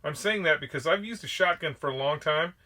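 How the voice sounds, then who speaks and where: A man's voice: fairly high pitch, brisk, bright, forceful tone. A man co-hosting a podcast, mostly agreeing and chiming in with short replies. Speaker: podcast co-host. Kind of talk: casual podcast chat.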